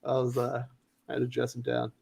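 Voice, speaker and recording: A man hosts a casual comics news livestream panel, telling a story as an animated storyteller who swears and loudly acts out the quotes. His medium-pitched voice is creaky and slightly rough, and he speaks fairly quickly.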